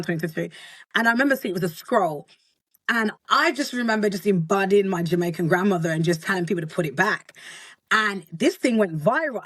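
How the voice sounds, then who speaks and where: A bubbly, boisterous woman talks as a guest in a casual interview and laughs often. Her voice sits at a middle pitch. It is recorded close and dry. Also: dry recording. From Britain. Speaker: guest, content creator.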